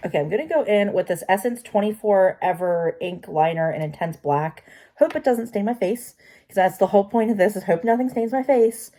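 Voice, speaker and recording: A woman's voice: mid-range voice, brisk, dark tone. A woman vlogging as she does her makeup, chatty and talking to herself with self-deprecating asides. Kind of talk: casual talk while doing makeup.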